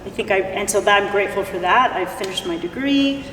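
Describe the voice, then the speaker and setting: A woman's voice: mid-range voice, brisk, fairly bright tone. A female opera singer talking earnestly and reflectively as an interview guest. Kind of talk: casual interview chat. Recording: echoey church hall, distant mic, faint hiss.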